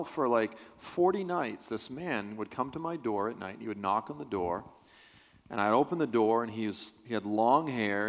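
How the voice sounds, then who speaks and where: A man teaching on Bible prophecy who answers audience questions during a church service, telling earnest stories and acting out the quotes. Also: fairly low pitch. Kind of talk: storytelling in a church Q&A. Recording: long hall reverb from a large church.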